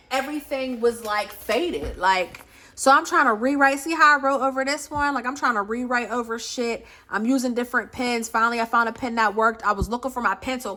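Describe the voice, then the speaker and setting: Frantic, swearing woman reading tarot. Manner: animated, swearing, frantic storytelling; low murmured prayer. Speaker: tarot reader. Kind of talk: casual tarot reading vlog.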